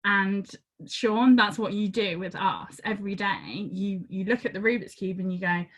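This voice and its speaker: A woman telling a personal story in a casual, animated way. She acts out her own reactions and repeats words as she goes. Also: medium pitch, normal speed. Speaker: community member sharing a story. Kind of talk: casual storytelling on a group call.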